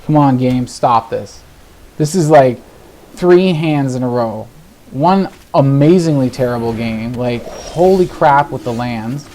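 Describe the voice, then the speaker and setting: A man's voice: mid-range voice, slow, a little hiss or hum. Exasperated man ranting over a card game. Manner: exasperated ranting, swearing, swings between muttering and shouting. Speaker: gaming video host. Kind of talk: live gameplay commentary.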